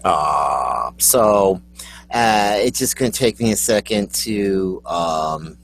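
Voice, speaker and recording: A man's voice: low-pitched, expressive, slow pace, a bit bright, slight background noise. A man co-hosting a casual chat, ranting bluntly and swearing, often laughing. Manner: blunt, profane rants with laughter. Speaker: co-host. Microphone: computer setup.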